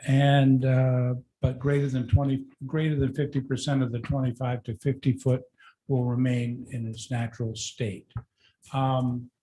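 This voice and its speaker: A man's voice: medium pitch, flat delivery, unhurried, warm tone, a little hiss or hum, poor audio. A man presenting a building plan to a town board, explaining steadily with frequent fillers. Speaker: applicant's representative. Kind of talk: presenting a project.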